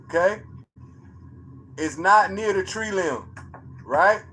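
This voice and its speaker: Excited man streaming, slangy and repetitive. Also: high-pitched, slow, a little hiss or hum. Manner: excited, repeats himself, slangy asides to chat. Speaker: streamer showing his own sky footage. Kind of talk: casual live-stream commentary.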